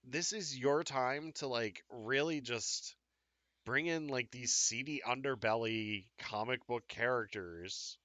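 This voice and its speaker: A man co-hosts a live fan chat show, talking in a casual, rambling way with many fillers and restarts. His voice is bright and forceful, with a mid-range pitch for a man. The sound is dry and close. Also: takes it slowly, dry recording. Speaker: podcast co-host.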